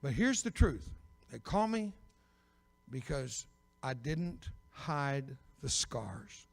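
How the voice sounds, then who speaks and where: An older man preaching a personal testimony sermon as an evangelist, telling his story with bursts of loud emphasis and dry humor. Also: mid-range voice, sing-song, slow, gravelly. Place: church sanctuary. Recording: long reverb of a big church.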